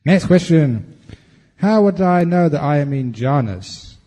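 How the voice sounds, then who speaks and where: Mellow-voiced monk guy doing meditation q&a, jokey and laid back, lots of hall echo. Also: a little high, a little slow. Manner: playful, humorous and relaxed. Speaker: Buddhist monk and meditation teacher. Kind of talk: meditation retreat Q&A teaching. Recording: long hall reverb.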